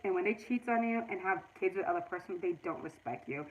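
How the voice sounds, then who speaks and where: A woman's voice: fairly low pitch, quick pace, a little hiss or hum, poor audio. A middle-aged woman hosting a casual livestream, earnestly giving relationship advice straight to her viewers. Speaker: livestream host.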